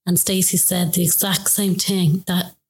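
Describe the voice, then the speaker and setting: A woman's voice: lowish voice, flat delivery, measured pace, vocal fry, darkish tone, slightly rough. A woman hosting a podcast, chatting casually and relaying what other people said. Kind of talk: casual interview chat.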